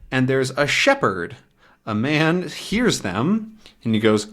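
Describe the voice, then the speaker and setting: A man walks English learners through a comic, patiently explaining each word and checking in with "right?" He speaks slowly, in a middle pitch. His voice swings up and down in animated, expressive turns and acts out sounds along the way. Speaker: English teacher.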